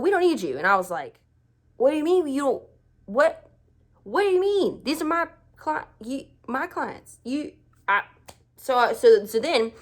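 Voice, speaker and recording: A young woman telling a personal story in a chatty, self-deprecating way, acting out the voices of the people in it. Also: medium pitch. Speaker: vlogger. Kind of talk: casual storytelling.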